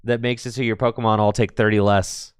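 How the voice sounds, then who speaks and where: A man's voice: fairly low pitch, level tone, a little fast, clear, resonant tone, no echo, studio quality. A man casually commentating a card game tournament on a live stream, chatty and playful, laughing often and answering the chat.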